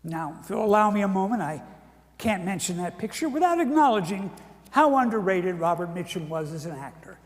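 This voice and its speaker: A man in his seventies giving a testimony as a comic monologue, animated with deadpan, wry asides. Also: sits high, a little fast. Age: 70s. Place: church. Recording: echoey church hall.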